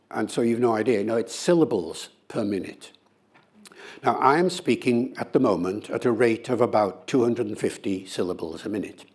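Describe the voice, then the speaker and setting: Being interviewed, an older male linguist responds in a relaxed, conversational way, his medium-pitched voice slightly rough. He's animated and uses playful demonstrations to get his ideas across.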